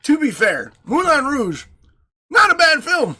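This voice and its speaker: A man co-hosting a podcast in his home studio, an animated, crude storyteller who laughs often. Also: very high-pitched, measured pace. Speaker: podcast co-host. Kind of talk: casual chat.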